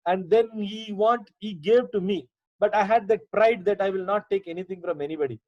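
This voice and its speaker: A man with an Indian English accent teaches as a pastor, his voice pitched a little high and mellow in tone. He speaks conversationally and haltingly, with plenty of fillers and repeated words. The audio is dry and dull, like a lo-fi video call. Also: no echo. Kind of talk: Bible teaching told as personal testimony.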